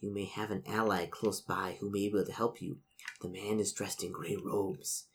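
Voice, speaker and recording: A man voicing the stern ghost of an old noblewoman who speaks from a portrait in a hushed, solemn, grave tone. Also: on the low side, flat delivery, normal speed, gravelly, a little hiss or hum, pitched below the performer's own voice. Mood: hushed warning.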